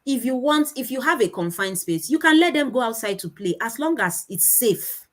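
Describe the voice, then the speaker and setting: A woman in her thirties with a Nigerian accent, giving a conference talk on children's speech and acting out her children's voices in animated anecdotes. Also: a little high, moderate pace, poor audio.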